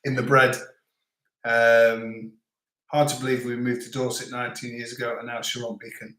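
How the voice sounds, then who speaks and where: A man's voice: medium pitch, flat delivery, normal speed, a bit bright. A man hosting a casual live chat, reading out viewer comments in a joking, rambling way. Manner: chatty, rambling, joking, many restarts. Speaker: livestream host. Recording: echoey room.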